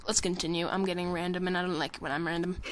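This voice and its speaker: A person giving casual, rambling commentary over a game trailer, joking and swearing, with constant fillers and restarts. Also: female voice, on the low side, level tone, racing, background noise. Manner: rambling and jokey, with frequent swearing; self-interrupting, with many fillers and restarts.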